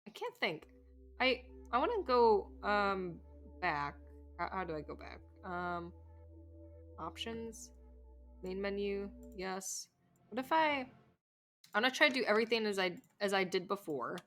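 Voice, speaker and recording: A woman's voice: medium pitch, lively intonation, a little slow, pauses often, a bit bright. A young woman streaming a story game, chatting casually and rambling as she reacts. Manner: chatty, rambling, easily moved. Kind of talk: casual live game commentary.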